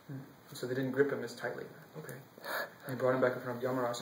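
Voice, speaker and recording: A man telling a devotional story expressively, shifting from loud to whispered passages. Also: medium pitch, little pitch movement, racing, echoey room, a little hiss or hum, poor audio. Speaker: storyteller monk.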